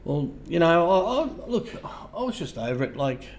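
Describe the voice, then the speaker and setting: An Australian man hosting a casual livestream, talking to viewers in a halting way, repeating words and trailing off softly. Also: fairly high pitch, big pitch swings, slight background noise. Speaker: livestream host.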